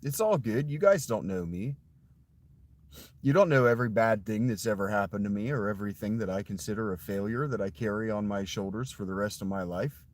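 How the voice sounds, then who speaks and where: A man's voice: lowish voice, brisk. A man in a casual livestream chat, rambling and confiding straight to his viewers in a put-on voice that he pushes forward in his throat for a slight distortion.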